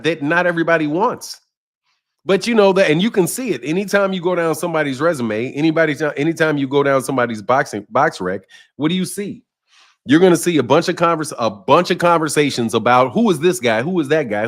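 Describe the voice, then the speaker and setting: A man casually talking boxing on a livestream, reading and answering chat comments, often repeating himself. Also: fairly high pitch. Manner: conversational, repeats himself, addresses chat by name.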